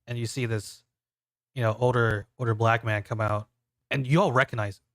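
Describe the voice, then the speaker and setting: Brief: relaxed man running a tabletop game, mid pitch, dry close sound. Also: normal speed, no echo. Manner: loose, filler-heavy narration. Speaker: game master.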